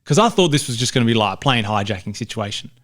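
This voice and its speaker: A man's voice: mid-range voice, expressive, fast talker, a bit bright. A man co-hosting a podcast, talking movies in a casual, emphatic way and repeating phrases for punch. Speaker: podcast co-host. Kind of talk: casual movie review chat.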